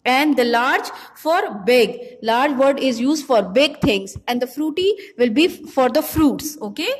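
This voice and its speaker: A woman's voice: high voice, lively intonation. Woman primary teacher, patient and explanatory, recorded with a long reverb tail. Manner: slow, explanatory, mixes Hindi into English. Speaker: primary school English teacher. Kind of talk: recorded online class lesson.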